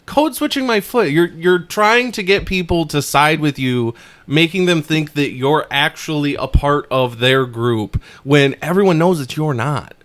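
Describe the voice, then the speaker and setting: A man's voice: fairly high pitch, unhurried, fairly bright tone. A man hosting a podcast, ranting bluntly and profanely in casual chat. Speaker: podcast host.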